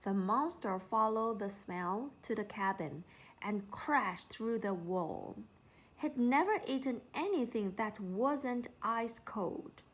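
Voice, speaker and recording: A woman narrating a children's storybook in an unhurried, expressive way. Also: medium pitch.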